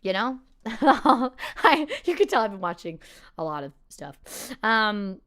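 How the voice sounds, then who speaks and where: Bright, smooth-voiced woman chatting casually. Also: a little high, big pitch swings, slow. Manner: rambling, restarts often, lots of fillers; laughs easily. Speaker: performer hosting a live Q&A. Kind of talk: casual chat answering viewer questions.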